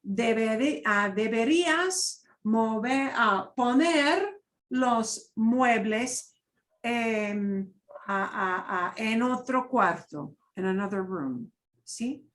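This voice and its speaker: Female Spanish teacher, middle-aged, unhurried and patient, lots of rise and fall in her voice. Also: a little high, lively intonation, fairly bright tone. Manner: switches between Spanish and English, patient and explanatory. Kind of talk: online language lesson.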